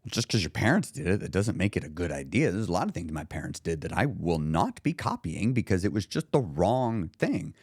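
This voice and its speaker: A man's voice: low-pitched, sing-song, fairly quick, few pauses, breathy edge, dry recording, studio quality. A man hosting a podcast as a weight-loss coach, telling stories in a casual, motivational way with occasional swearing. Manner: conversational storyteller, occasional swearing.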